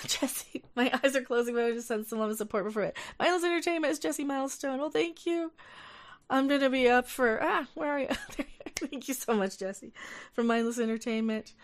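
A young woman hosts a casual livestream, ranting in an exasperated way with lots of profanity and reading her viewers' chat out loud. Her voice is high and her speed normal.

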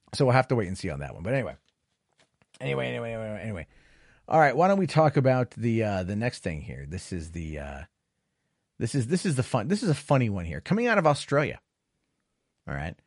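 A man's voice: mid-range voice, dry recording, clean studio sound. A man hosting a casual livestream, reading chat and news stories and riffing on them in a rambling, repetitive, sarcastic way with some swearing. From United States.

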